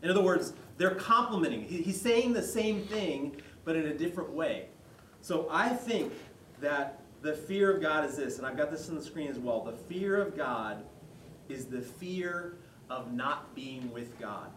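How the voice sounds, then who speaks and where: Man preaching, fairly high voice, animated storytelling, echoey hall, distant mic. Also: moderate pace, a little hiss or hum. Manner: conversational, animated retelling with quoted voices. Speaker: pastor. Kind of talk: sermon.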